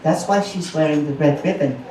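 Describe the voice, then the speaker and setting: A man's voice: fairly high pitch, moderate pace, background noise, close to an everyday voice. A man voicing a fussy, protective mother duck in a told story, earnest and fluttery. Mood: bossy. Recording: roomy live recording from a distance.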